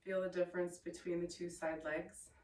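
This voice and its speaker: A woman teaching a yoga class, giving calm, encouraging cues with playful asides. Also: on the low side, normal speed. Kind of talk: guided yoga class instruction. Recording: echoey room, voice from a distance.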